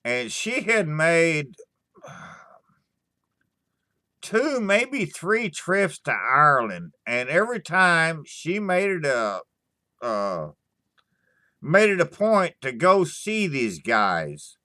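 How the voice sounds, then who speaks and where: Slow, bright-voiced man rambling at stream chat. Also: fairly high pitch, sing-song, dry recording, studio quality. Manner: halting, stammering restarts, frequent swearing; slow, sighing storytelling. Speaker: livestream host answering chat.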